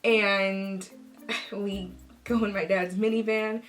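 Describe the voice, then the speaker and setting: A young adult woman telling a personal story in a casual vlog, animated and acting out the voices of the people in it. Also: mid-range voice, takes it slowly, faint music behind. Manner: animated, acts out quoted voices. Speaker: vlogger.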